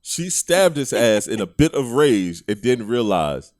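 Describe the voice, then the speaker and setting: A man's voice: medium pitch, big pitch swings, a little slow, a little mellow, no room sound, studio quality. A man co-hosting a podcast, telling stories in casual slang and laughing often. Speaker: podcast co-host. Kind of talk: casual chat.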